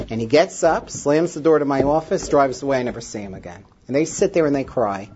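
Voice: mid-range voice, expressive, a little fast, few pauses, darkish tone, muffled recording, a little hiss or hum. Therapist telling a story with emotion. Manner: emotional, with many fillers and restarts. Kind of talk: storytelling talk to an audience.

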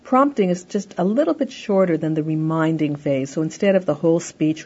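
A woman's voice: fairly low pitch, animated, a little fast, few pauses, warm tone, husky, highs cut off. A woman lecturing on parenting, explaining steps in a conversational way and often saying "you know". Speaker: parenting educator. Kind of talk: recorded lecture.

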